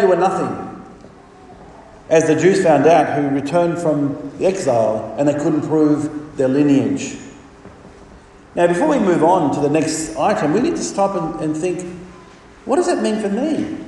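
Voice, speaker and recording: A man's voice: fairly high pitch, a little mellow, far from the mic, a little hiss or hum. Man preaching in an echoey hall. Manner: emphatic, rhetorical questions, varied dynamics. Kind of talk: sermon.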